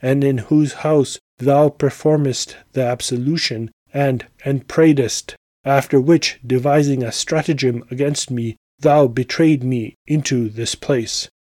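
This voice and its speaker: A man's voice: medium pitch, fairly even intonation, unhurried, few pauses, darkish tone, dry recording, natural voice. A man reading the lines of a bold, vengeful man in a narrated tale, in a stern, commanding way.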